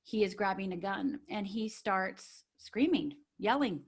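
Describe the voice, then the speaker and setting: A woman's voice: medium pitch, a little slow, husky. A woman from Upper Michigan, a life coach guest on a podcast, telling a personal story in an earnest, emphatic way and often checking in with "right?". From Upper Michigan, USA.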